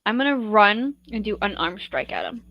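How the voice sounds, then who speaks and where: A woman's voice: mid-range voice, sing-song, normal speed, no room sound, highs cut off. A young woman playing a tabletop game, eager and asking rules questions as she plans her moves. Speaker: player. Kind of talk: casual tabletop play.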